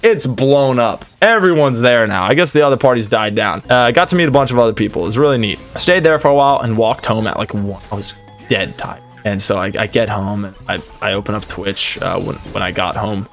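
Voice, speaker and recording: A male streamer casually telling a story in an animated, rambling way, full of fillers. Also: fairly low pitch, fairly quick, soft background music.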